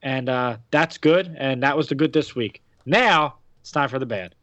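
A man's voice: mid-range voice, moderate pace, a bit bright, no echo, dull audio. An American man hosting a podcast, chatting casually about wrestling with lots of fillers and restarts. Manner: rambling, many fillers and restarts. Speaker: podcast host.

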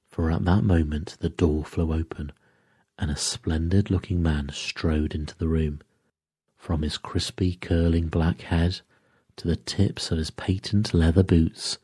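Man, narrator, sleep story, measured, very low pitch, husky. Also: warm tone, dry recording, clean studio sound. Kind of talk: scripted sleep-story reading.

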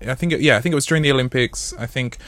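A man's voice: medium pitch, very fast, fairly bright tone. A man co-hosting a podcast, musing in a loose, wry casual chat. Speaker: podcast co-host.

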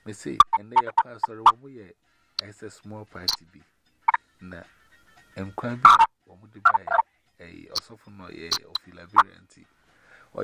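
A very low, gravelly man rambles casually in broken pidgin English, laughing as he talks. The call recording is swamped by loud noise throughout. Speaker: caller. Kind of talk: casual chat.

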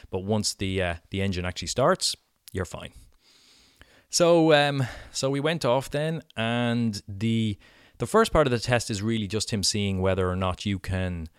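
Irish guy chatting on his podcast, deep smooth voice, dry close sound, lots of "you know"s. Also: no echo. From Ireland. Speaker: podcast host. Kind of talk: casual storytelling monologue.

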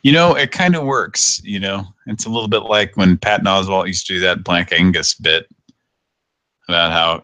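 A man's voice: sits low, pushed and bright, no echo. A man hosting a radio show, chatting casually, laughing and swearing as he rambles. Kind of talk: casual chat.

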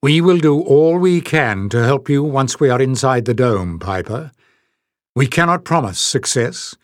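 A man's voice: mid-range voice, expressive, measured pace, no room sound, clean studio sound, natural voice. A man reading an audiobook and voicing an earnest, wary young male hero who speaks with urgency. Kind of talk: audiobook character voice.

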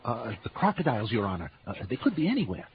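A man's voice: medium pitch, sing-song, fast talker, slight background noise, lightly acted. A man playing a timid little clerk. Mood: fearful. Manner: timid, jittery. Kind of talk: radio drama acting. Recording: dull lo-fi radio recording.

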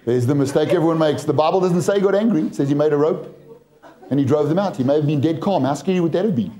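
Higher-voiced English preacher. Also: male voice, quick pace, mellow. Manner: preaching with humor and storytelling. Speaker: pastor. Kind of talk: sermon.

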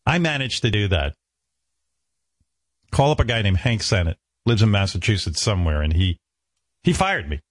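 A man's voice: on the low side, big pitch swings, moderate pace, pauses often, dry recording, clean studio sound. A man telling stories from his own life in a casual, self-mocking way, acting out other people's lines. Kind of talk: casual storytelling chat.

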